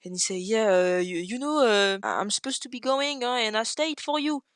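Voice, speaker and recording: A woman, a podcast guest, tells a story in a casual chat and acts out the quotes with sudden leaps in pitch. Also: a little fast, dry recording, studio quality.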